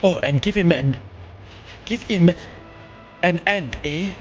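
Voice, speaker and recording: A man reading out a blunt, swearing male game quest-giver in a put-on English accent, rough and clipped. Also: sits high, takes it slowly, lo-fi sound, soft background music, voice pushed up. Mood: gruff.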